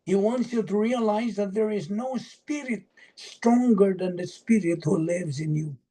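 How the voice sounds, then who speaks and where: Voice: mid-range voice, measured pace, warm tone. A Bible study leader teaching over a video call, asking questions and answering them while listing verse references.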